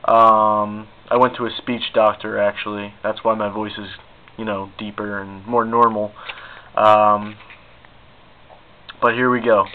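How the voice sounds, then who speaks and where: A man's voice: lowish voice, little pitch movement, unhurried, narrow, tinny audio, a little hiss or hum. A young man rambling casually to the camera in a goofy, self-mocking vlog. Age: young adult. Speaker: video blogger.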